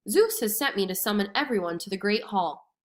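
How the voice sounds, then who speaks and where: A woman's voice: medium pitch, lively intonation, fairly quick, natural voice. A woman doing a nimble messenger god. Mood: cheerful. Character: quick, slender male messenger god.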